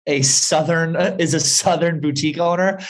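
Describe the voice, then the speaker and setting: A man co-hosting a podcast, playful and quick to laugh, ribbing his co-host and reading a sponsor spot. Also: fairly high pitch, steady tone, slight background noise. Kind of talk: casual comedic chat with ad read.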